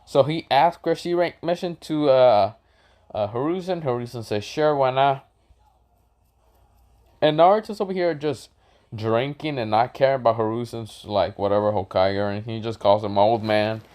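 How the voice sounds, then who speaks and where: Speaking a little fast, a man casually spins an improvised fan-fiction story. He rambles, corrects himself, swears, and shouts in high voices when playing characters.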